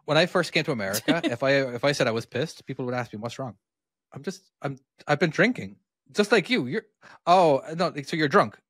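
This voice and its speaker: A man's voice: medium pitch, lively intonation, brisk, fairly bright tone, no room sound. An Irish man chatting on a podcast, wandering through his thoughts and restarting sentences as he goes. His voice sits mid-range and is recorded dry and close, with no room around it. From Ireland. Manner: rambling, restarts often, chuckles easily. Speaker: podcast co-host. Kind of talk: casual chat.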